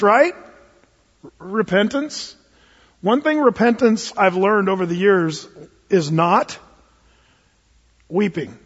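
Male pastor, high husky voice, lively storyteller, lo-fi recording in a reverberant church. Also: a little slow, long pauses. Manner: animated, acts out voices of the story figures. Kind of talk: storytelling sermon. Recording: dull lo-fi recording in a reverberant hall.

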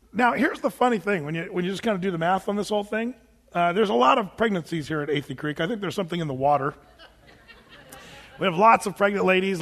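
Animated high-voiced male pastor preaching. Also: long reverb tail. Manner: conversational and animated, reads scripture aloud, jokes with the congregation. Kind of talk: sermon. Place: church sanctuary.

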